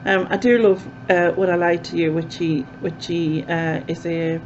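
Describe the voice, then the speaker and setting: A woman's voice: on the low side, little pitch movement, normal speed, a little mellow, a little hiss or hum. A woman chatting casually as a vlogger, rambling with lots of fillers, recorded with dull, lo-fi sound. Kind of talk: casual chat to camera.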